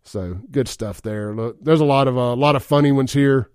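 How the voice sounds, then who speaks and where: A man's voice: mid-range voice, moderate pace, darkish tone, smooth, no room sound. A man hosting a casual talk radio show in a studio, reading listener texts aloud and chuckling often. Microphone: studio microphone.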